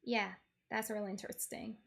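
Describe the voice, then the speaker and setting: A woman's voice: medium pitch, little pitch movement, moderate pace, gravelly, fairly bright tone. A woman streamer narrating a game in character, in a wry, playful first-person storytelling manner.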